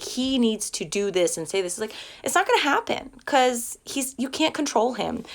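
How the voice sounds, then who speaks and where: An earnest woman in her thirties talks loosely into her phone on a live stream. Her speech rambles and is full of likes and restarts. Her pitch sits mid-range for a woman. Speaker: host of a self-help live stream. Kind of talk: casual live-stream talk. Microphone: phone or webcam for a live stream.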